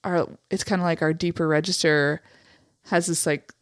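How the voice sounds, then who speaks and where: A young adult woman from Montana with vocal fry and a slightly raspy voice, co-hosting a podcast in candid casual chat full of "like" fillers. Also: deep voice, fairly even intonation, moderate pace, dry recording, studio quality. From Eastern Montana, USA. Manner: candid, frequent "like" fillers, swears freely. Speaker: podcast co-host.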